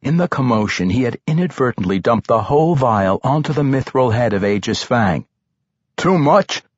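A male audiobook narrator reads fantasy prose in a dramatic, expressive way, his pitch moving widely. The voice has a slightly husky grain. The recording is dry and somewhat dull. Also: brisk, no room sound.

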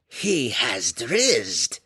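A man voicing a centuries-old drow matriarch in an audiobook, imperious and desperate, with drawn-out, dramatic lines and sudden cries. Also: medium pitch, wildly swooping pitch, bright, forceful tone, husky, no room sound, clean studio sound, exaggerated voice. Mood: fierce elation. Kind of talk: audiobook character voice.

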